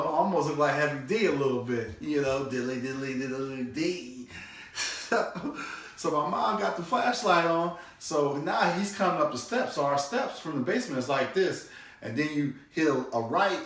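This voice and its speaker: A comedian does storytelling stand-up about his family, animated and loose, sometimes shouting his dad's cussing in a high voice. The room is echoey and the mic sounds distant.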